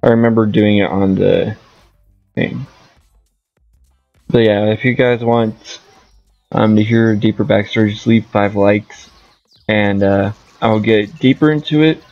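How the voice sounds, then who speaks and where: A man's voice: fairly low pitch, fairly even intonation, a little slow, long pauses, darkish tone, dull audio, soft background music. A man giving casual gameplay commentary as a streamer, rambling and thinking aloud. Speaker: gaming streamer.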